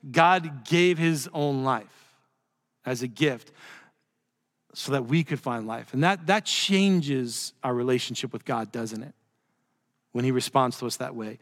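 Man preaching in a reverberant hall. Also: fairly high pitch. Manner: conversational preaching with joking asides, dropping soft for emphasis. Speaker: pastor. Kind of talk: sermon.

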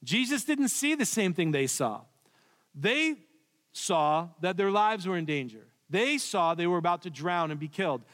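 A man preaching a sermon in a church, telling the story with swings from loud to hushed. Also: sits high, big pitch swings, normal speed. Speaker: pastor. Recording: long reverb of a large hall.

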